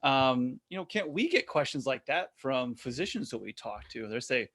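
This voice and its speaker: A man hosting a podcast interview, speaking in a halting way with frequent restarts and "you know.". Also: mid-range voice, sing-song, a bit bright. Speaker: podcast host. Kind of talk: casual interview chat.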